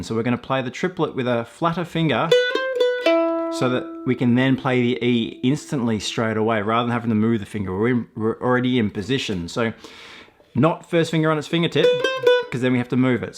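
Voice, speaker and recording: A man with a mid-range voice teaches a mandolin tune one measure at a time. He explains patiently, counting beats and calling out up and down strokes. Loud mandolin playing rings out behind him. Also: medium pitch. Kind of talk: step-by-step music lesson.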